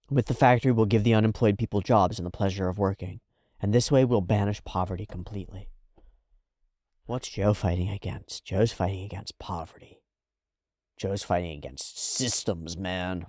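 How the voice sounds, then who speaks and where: Man, low voice, casual reaction commentary, animated, swearing, dry. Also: dry recording. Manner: animated, swearing, swings between loud and hushed. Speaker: reaction video host.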